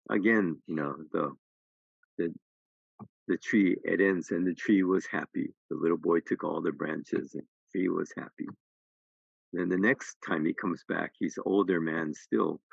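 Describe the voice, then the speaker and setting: A middle-aged minister gives a dharma talk in a very low, gravelly voice. The voice is husky, and the sound is dull and dry. He tells his story with restarts and then presses his points emphatically. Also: no echo. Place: temple hall.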